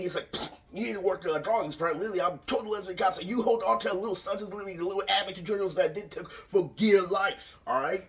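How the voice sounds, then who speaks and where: A man's voice: sits high, fairly bright tone. A young man telling a long, rambling story in a casual vlog, swearing and saying "literally" again and again. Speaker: vlogger. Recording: voice distant from the mic.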